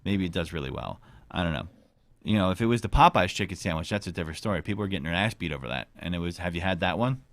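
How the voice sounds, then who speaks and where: A man's voice: low voice, lively intonation, racing, no echo. A man hosting a casual podcast chat, rambling and joking with crude language. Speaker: podcast host.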